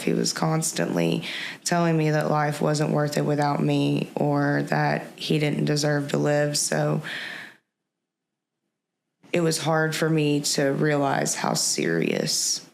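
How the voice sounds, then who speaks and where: A woman guest in an interview, telling a personal story in a halting, reflective way, with many pauses and restarts. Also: low voice, vocal fry, slight background noise. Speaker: podcast guest.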